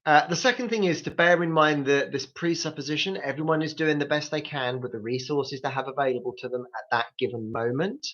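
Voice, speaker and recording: A man's voice: fairly high pitch, a little fast, few pauses, fairly bright tone, muffled recording. A man hosting a live grief support talk, coaching listeners directly with practical tips. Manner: coaching, speaks straight to listeners.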